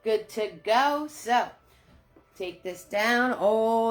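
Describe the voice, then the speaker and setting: A woman's voice: a little high, very slow. A woman hosting a live painting lesson, chatty and upbeat, greeting viewers by name as she gives steps. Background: faint Irish music.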